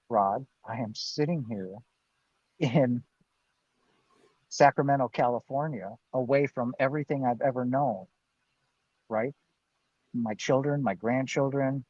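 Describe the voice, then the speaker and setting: A man's voice: medium pitch, darkish tone, dry recording, lo-fi sound. A middle-aged man, a guest on a livestreamed interview, telling his story in an earnest, emphatic way and often adding "right?". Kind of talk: storytelling in a live-streamed interview. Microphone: video call.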